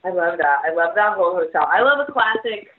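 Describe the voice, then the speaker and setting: A woman's voice: lowish voice, lively intonation, a little fast. A woman in casual chat recapping a reality show, talking with lots of fillers and laughing often. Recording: tinny phone-like line with noise.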